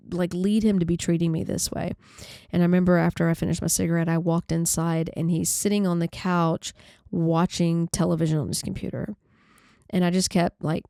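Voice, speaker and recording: A woman podcast host recounting a painful personal story in a halting, conversational way with many restarts. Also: on the low side, mellow, dry recording, clean studio sound.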